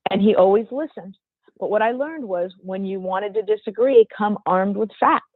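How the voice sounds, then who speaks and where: An older woman, a former football executive, telling an interview story in a measured, emphatic way with a strong voice. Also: medium pitch, no room sound. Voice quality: strong, not dainty voice. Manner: measured, emphatic, precise phrasing. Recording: tinny phone-like remote line.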